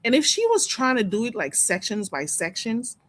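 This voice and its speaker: A woman's voice: on the high side, very animated, moderate pace, a bit bright. A woman hosting a casual live stream, chatting with her viewers, gossiping and laughing often.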